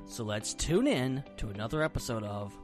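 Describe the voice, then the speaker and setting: Animated male podcast host, playful. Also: medium pitch, music in the background. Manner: animated, playful, quick to laugh. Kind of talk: casual podcast chat.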